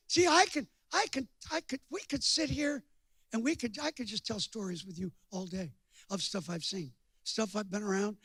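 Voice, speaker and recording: An older male preacher tells stories from the pulpit in a folksy, joking manner. His voice sits very high and sounds dry and close to the mic. He drops to near-whispers and then bursts out loud. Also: dry recording. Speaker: guest preacher. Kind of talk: storytelling sermon.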